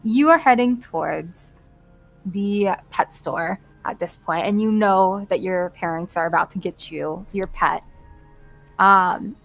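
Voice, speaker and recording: A woman serves as game master for a tabletop campaign, narrating the scene in a slow, halting way full of fillers and small laughs. Her voice sits at a middle pitch, and faint music plays underneath. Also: vocal fry. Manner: unhurried, hesitant narration with many fillers and laughs.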